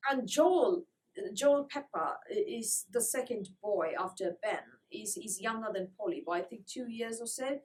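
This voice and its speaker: A woman's voice: mid-range voice, expressive, unhurried, darkish tone, recorded from a distance, low-quality recording. A woman reviewing old children's books in a casual, wry manner, reading passages aloud between comments. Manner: wry, lightly sarcastic. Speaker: book reviewer.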